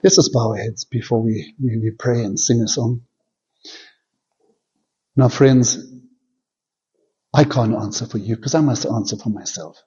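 A man's voice: medium pitch, measured pace, long pauses, a little hiss or hum. Fervent male preacher, muffled recording. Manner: fervent, swings between loud pleading climbs and soft hushed prayer. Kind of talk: sermon with altar call and prayer.

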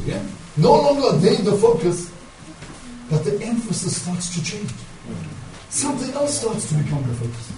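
High-voiced man preaching a fervent sermon. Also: very animated, normal speed, pauses often, mellow, a little hiss or hum. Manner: impassioned, rhetorical, checks in with 'yeah?'. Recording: echoey room from far off, music underneath. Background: music.

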